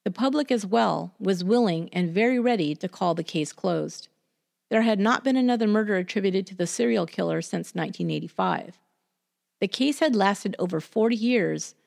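A woman hosting a podcast, reading a scripted true crime story in a measured, deliberate way. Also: medium pitch, expressive, creaky, darkish tone.

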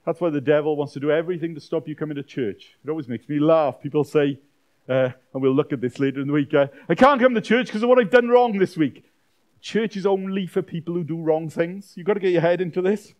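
A man preaching a sermon as a pastor, swinging from loud dramatic outbursts to quiet, intimate lines. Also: medium pitch. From Wales. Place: church weekend-away gathering.

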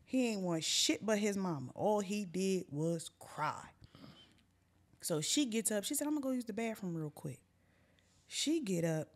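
A young woman with a medium-pitched voice hosts a podcast, unhurriedly telling a funny story. She is animated and profane, keeping it casual and acting out the other people's voices.

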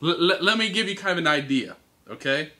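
A man preaching to teens, telling a Bible story with animated, teasing character voices. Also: a little high, a little fast. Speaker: youth speaker. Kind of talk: youth sermon storytelling. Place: church hall.

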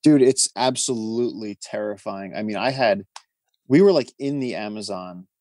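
Lower-voiced man telling a wry story. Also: normal speed, no echo. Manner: animated, wry storyteller acting out quoted voices. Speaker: conservationist guest. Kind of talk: storytelling in a casual interview.

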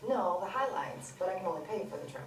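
An actress playing an insistent salon client trying to pay less. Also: female voice, on the low side, animated, fast talker, recorded from a distance, crowd noise, natural voice. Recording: video played in echoey hall.

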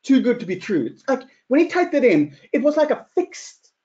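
Guy giving a security talk, high-ish voice, kinda dull lo-fi sound. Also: normal speed. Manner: animated, acts out quotes. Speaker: security presenter. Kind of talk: conference talk storytelling.

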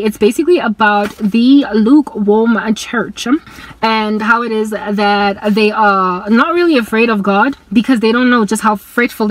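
A woman's voice: on the high side, rough recording. A young woman from South Africa with a South African accent, chatting casually as a Christian vlogger and filling her talk with "like" and "uh". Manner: chatty and quick, lots of "like" and "uh" fillers. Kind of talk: casual chat between sung song parodies.

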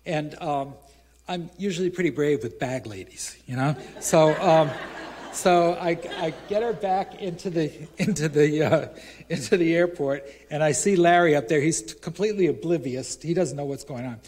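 An American man, a featured author, tells a rambling live anecdote at a museum event, acting out the dialogue with bursts of shouting. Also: fairly high pitch, moderate pace. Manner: animated, acts out dialogue with rising shouts; rambling with many fillers.

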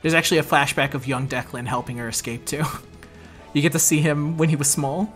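A man with a fairly high voice hosts a casual gaming commentary, reading a card game story aloud and reacting as he goes. He laughs easily, jokes and swears freely, and faint music plays under his voice. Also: fairly even intonation, fairly quick, a bit bright. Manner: laughing, joking and swearing while reading along.

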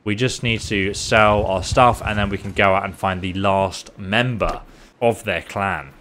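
A man's voice: lowish voice, unhurried, fairly bright tone, a little hiss or hum. A man commentating his strategy game playthrough with playful banter, taunting enemy soldiers as he goes. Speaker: gameplay commentator. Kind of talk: let's play commentary. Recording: faint background game music.

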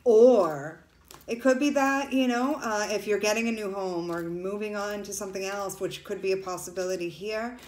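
A woman's voice: medium pitch, normal speed, a little mellow, echoey room. A woman doing a casual tarot reading for viewers. She talks loosely and emotionally and turns tearful at times. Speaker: tarot reader.

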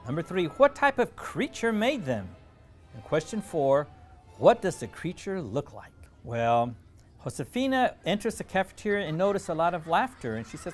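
A man reading a children's storybook aloud, animated, with dramatic pauses. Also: fairly high pitch.

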